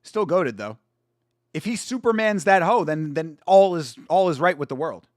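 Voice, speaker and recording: A young man hosting a casual live watch-along stream, chatty and excitable, full of slang and swearing. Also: a little high, moderate pace, no echo, studio quality. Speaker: stream host.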